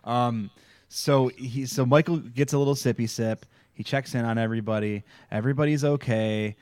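A man co-hosting a casual podcast, talking about a TV show with friends, animated and laughing often. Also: moderate pace, smooth, no echo. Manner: animated, laughing, jumps into high voices for quotes. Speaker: podcast co-host.

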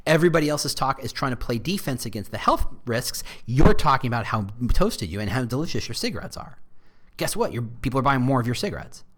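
A man talks through his ideas in a casual, animated way, his pitch jumping up and down as he makes each point. He sounds like a podcast host thinking out loud, mid-range in pitch, with quick asides. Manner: animated, conversational marketing explainer. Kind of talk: casual explanatory chat.

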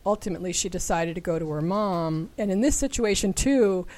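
Woman cohost rambling through a story, lowish voice, lots of restarts. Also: lively intonation, brisk, a little mellow. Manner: relates stories at length with frequent restarts. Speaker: podcast co-host. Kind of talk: casual discussion.

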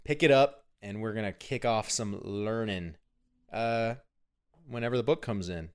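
A man co-hosting a casual sports podcast, pitching segments and teasing his co-host. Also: unhurried, clear, resonant tone. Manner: upbeat, promotional, teasing. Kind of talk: casual chat.

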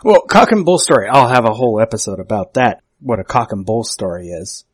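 A man in casual conversation, thoughtful and easygoing, with a slightly husky voice. He sits close to the mic in a dry, dead-sounding space. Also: fairly low pitch, sing-song, brisk, no echo. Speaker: podcaster and teacher. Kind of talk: casual chat.

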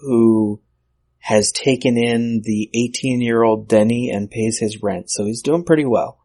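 A man's voice: medium pitch, measured pace, warm tone. A man hosting a podcast, wryly reading out and picking at details of a film script. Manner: wry, reads out script details. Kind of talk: casual discussion of a film script.

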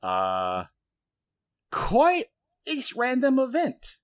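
A man's voice: very high voice, extremely slow. A young man hosting a casual recap chat who swears freely, laughs often, and gets fired up about the story. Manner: animated, profane, laughs often.

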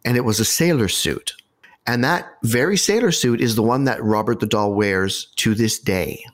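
A man hosting a podcast, telling a story in a casual, animated way with wry asides. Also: mid-range voice, moderate pace.

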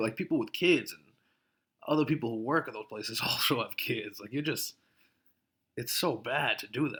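A man's voice: mid-range voice, a bit bright. A man hosting a podcast, ranting casually with lots of swearing and short laughs. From Massachusetts. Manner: profane, laughing, worked-up ranting. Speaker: podcast host.

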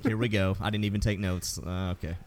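Podcast host, male, lowish voice, giggly and rambling. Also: fast, background noise. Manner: laughs often, relaxed and rambling. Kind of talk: casual gaming podcast chat.

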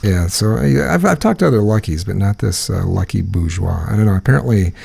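A man's voice: lowish voice, lively intonation, brisk, creaky, darkish tone, breathy edge. A man co-hosting a podcast, chatting casually and telling a rambling story full of fillers and restarts. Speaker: podcast co-host. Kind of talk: casual chat.

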